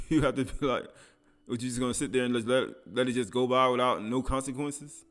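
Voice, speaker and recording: A man's voice: medium pitch, fairly even intonation, brisk, a bit bright, faint music behind. A man preaching a sermon, reading scripture aloud and commenting in casual speech with laughs.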